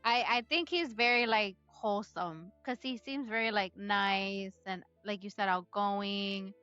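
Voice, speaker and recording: A woman's voice: medium pitch, measured pace, sharp tone, clear, resonant tone, dry recording, dull audio, faint music behind. A woman co-hosting a book club podcast, giggly and casual, chatting in loose slang. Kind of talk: casual chat.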